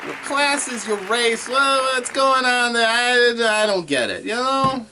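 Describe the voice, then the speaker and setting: A man's voice: very high voice, measured pace, sharp tone, some chatter behind, a little hiss or hum, full character voice. A man playing a boastful adventuring bard doing stand-up comedy, joking and laughing at his own puns. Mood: cheesy.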